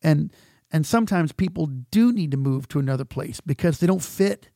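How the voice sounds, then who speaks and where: A man's voice: on the high side, expressive, moderate pace, vocal fry, dark tone, no echo, studio quality. A middle-aged man, a pastor giving an earnest, conversational teaching talk that often halts on repeated words.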